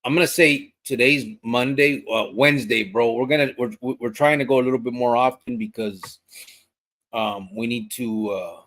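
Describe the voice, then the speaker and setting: A man hosting a live podcast, reading viewer comments aloud and chatting in a relaxed, loose way full of fillers and restarts. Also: medium pitch, normal speed. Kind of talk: casual live-stream chat.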